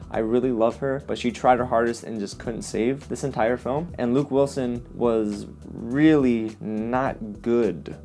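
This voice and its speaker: A man giving a casual, expressive movie review as host, often exasperated. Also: mid-range voice.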